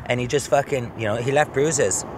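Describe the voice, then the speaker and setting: A man's voice: mid-range voice, normal speed. Profane rambling man outdoors. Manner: rambling, profane, animated retellings with many restarts. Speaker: video journal keeper. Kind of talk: casual storytelling monologue. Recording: noisy outdoor street recording.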